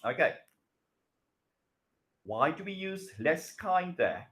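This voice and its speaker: A middle-aged man teaching a recorded grammar lesson, slow and patient, repeating phrases and asking the students questions. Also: fairly high pitch, very animated, a bit bright. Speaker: English teacher.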